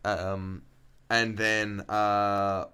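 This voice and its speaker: Rich: A man with a lowish, smooth and resonant voice co-hosts a casual film podcast. He talks loosely, swears freely and often restarts his sentences. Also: flat delivery, very slow, bright, forceful tone. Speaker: podcast co-host. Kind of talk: casual film discussion chat.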